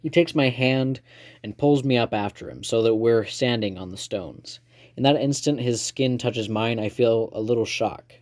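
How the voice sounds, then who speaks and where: A man reading a first-person novel aloud in a calm, measured storytelling manner. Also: mid-range voice. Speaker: reader.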